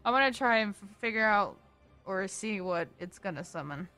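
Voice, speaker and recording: A young woman chatting as a player, brash and teasing, tossing out slang. Her voice sits at a middle pitch. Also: lively intonation, moderate pace, pushed and bright, dry recording, faint music behind. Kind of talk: casual chat during a tabletop game.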